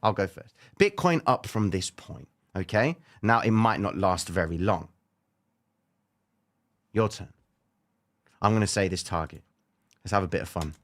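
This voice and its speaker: A man hosting a live trading stream, casually walking viewers through order-book levels and chatting with them, often checking in with a quick "okay?". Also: low voice. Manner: casual, animated, talks straight to viewers with frequent "okay?".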